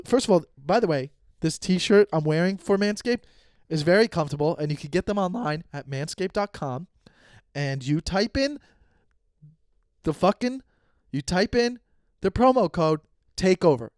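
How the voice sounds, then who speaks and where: A man's voice: a little high, no room sound, clean studio sound. A young man hosting a podcast, riffing through an improvised ad read in a rambling, profane, jokey way. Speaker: podcast host reading an ad. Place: non-studio room.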